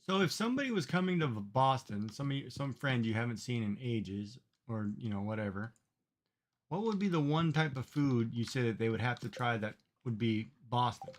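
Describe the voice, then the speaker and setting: Musing aloud about food, a man from Canada talks loosely with viewers while gaming on a livestream. He has a mid-range voice, lively intonation and a moderate pace.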